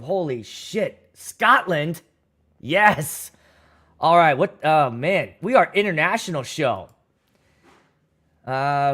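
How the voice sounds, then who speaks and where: A man's voice: on the high side, a bit bright. A man hosting a casual livestream, reading viewer comments aloud and telling loose, crude jokes into a studio microphone. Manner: loose, joking and rambling, with crude humor. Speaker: DJ and livestream host.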